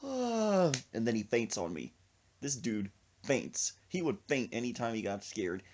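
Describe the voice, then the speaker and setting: A man's voice: on the low side, moderate pace, muffled recording, slight background noise. A man hosting a podcast, telling a comic story with lots of laughter and acted-out voices. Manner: animated, laughing, acts out voices. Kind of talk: comedic storytelling.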